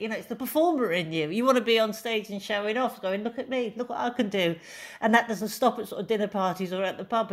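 Wry, self-mocking female comedian. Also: mid-range voice. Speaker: comedian guest. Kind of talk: casual comic chat.

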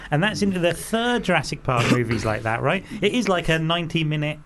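Man, bit high-pitched, relaxed storyteller, light hiss behind. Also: a little fast. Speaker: podcast co-host. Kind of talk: casual film chat.

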